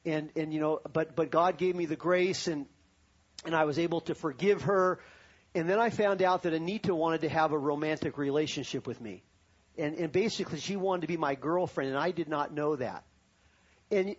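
A man's voice: fairly high pitch, slightly rough, highs cut off. A pastor preaching a sermon to his congregation, telling a personal story and then rising to fervent preaching.

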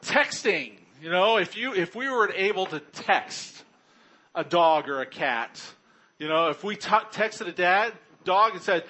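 Man, pastor, sermon, relaxed joking delivery, slow pace, bright tone. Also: high-pitched. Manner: chatty and joking, chuckling often.

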